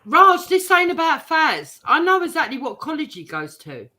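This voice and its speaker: A woman's voice: high-pitched, big pitch swings, normal speed, sharp tone. A woman speaking bluntly and scornfully in a heated online panel debate, swearing freely.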